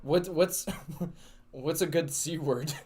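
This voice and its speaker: A man's voice: fairly high pitch, takes it slowly, darkish tone. A man hosting a casual sports podcast, playfully steering the talk and wrapping up the show. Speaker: podcast host. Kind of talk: casual chat.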